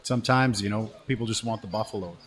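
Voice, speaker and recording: A man's voice: lowish voice, fast. A man hosting a casual live show over food, laid-back and chatty, calling his guest brother. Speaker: host, restaurant owner.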